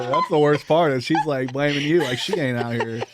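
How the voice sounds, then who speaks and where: A man's voice: medium pitch, normal speed, heavy background noise. A man in his thirties hosting a casual comedy chat, laughing often and swearing as he tells stories. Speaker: podcast host.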